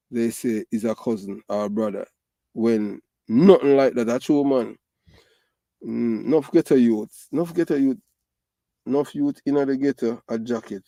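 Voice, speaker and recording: A middle-aged Jamaican man with a dark-toned, mid-range voice and a Jamaican Patois accent delivers casual, ranting commentary. He's emphatic and repetitive, using lots of fillers, and the audio is clean studio sound with no room sound.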